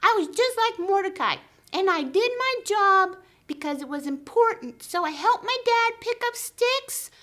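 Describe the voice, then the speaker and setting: A cheerful little boy puppet, put on by a woman, with a squeaky voice pitched far above her own. He sounds eager and proud, bubbling with excitement as he chatters along. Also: unhurried, few pauses, heavily acted.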